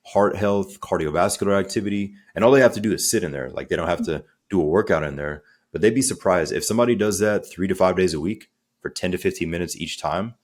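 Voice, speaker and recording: A transformational coach appears as a guest in a podcast interview, speaking in a low voice. He's energetic and conversational, acting out little quotes as he talks.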